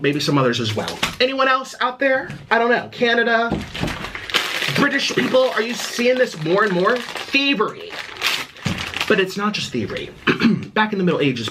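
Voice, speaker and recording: Lively, indignant man ranting at home. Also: sits high, noisy background. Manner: indignant, exasperated, sarcastic. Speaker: vlogger. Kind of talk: ranting casual vlog. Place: at home in his apartment.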